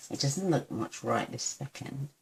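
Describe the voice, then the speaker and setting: Unhurried and expressive, a woman with a rumbling low, darkish voice hosts a casual papercraft tutorial at her desk, a slight hiss or hum audible. She chats as she works, gushes about how cute each step is, and makes fun of herself.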